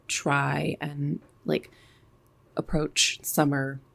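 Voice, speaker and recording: A woman's voice: low-pitched, flat delivery, drawn-out words, gravelly, a bit bright. A woman co-hosting a podcast in casual chat, laid-back and rambling with lots of fillers. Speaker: podcast co-host.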